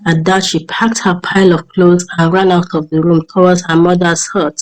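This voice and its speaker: A woman narrating a folk tale in a steady, measured storytelling voice. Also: fairly low pitch, poor audio.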